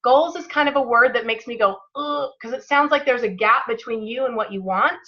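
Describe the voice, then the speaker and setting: A woman's voice: on the high side, fairly quick, lo-fi sound. A woman leading a motivational team call, encouraging and emphatic, guiding listeners through breathing. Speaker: team leader hosting a call.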